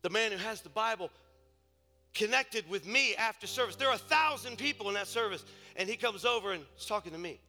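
Male pastor, high bright voice, preaching in a reverberant sanctuary with soft music behind. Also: animated, brisk. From Ohio, USA. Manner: storytelling, swings from hushed asides to shouted preaching. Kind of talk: sermon. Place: church sanctuary. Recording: church service with long reverb and faint music.

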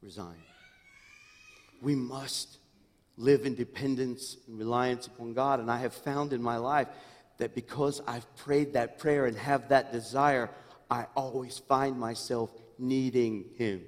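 A middle-aged man preaching a sermon as senior pastor, swinging from hushed, intimate asides to loud, rising exclamations. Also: mid-range voice, steady tone, a little slow. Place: church sanctuary. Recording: long reverb in a church hall.

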